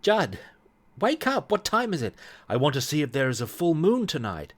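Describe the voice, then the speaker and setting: A guy doing a pale sun-starved young woman from a game, voice pushed high and breathy, eager and pleading, reading in an ordinary male pitch underneath. The speech is airy and lifted. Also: huge pitch swings, moderate pace. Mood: longing.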